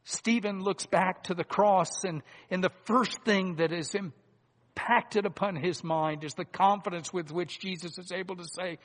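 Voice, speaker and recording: A man preaching a sermon in a deliberate, earnest way, swinging between loud emphasis and hushed asides. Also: sits high, steady tone. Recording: long hall reverb.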